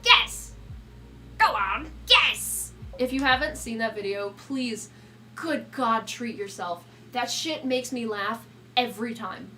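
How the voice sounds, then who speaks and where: Young woman streamer, bright voice pitched a bit high, swearing and laughing, talks to her cat a lot. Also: a little slow, soft background music. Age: young adult. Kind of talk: casual live-stream chat.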